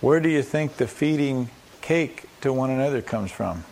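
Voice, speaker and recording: A man's voice: medium pitch, expressive, normal speed, creaky, a little mellow. A man preaching a sermon as a pastor. He poses rhetorical questions and answers them, acts out quoted voices and adds humorous asides.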